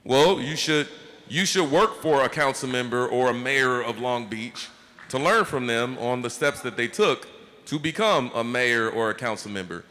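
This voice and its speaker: Animated and sharp-toned, the mayor talks at a moderate pace in a mid-range voice. He's a man in his thirties urging young people on at a town hall in a big school hall, tossing in "right?" again and again, while the room's reverb echoes back.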